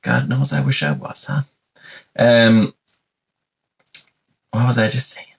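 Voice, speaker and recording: A man's voice: medium pitch, sing-song, slow, creaky. A young Irish man hosting a solo comedy podcast from his bedroom, rambling and sardonic, with constant "you know" asides. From Ireland. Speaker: podcast host. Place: bedroom at home.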